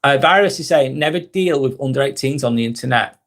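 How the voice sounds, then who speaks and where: Here a fortyish Northwest England man with a Lancashire accent, from near Manchester, talks a little fast in a mid-range, fairly bright voice. During his relaxed live stream he reads comments aloud and responds to each viewer by name in a friendly, reflective way.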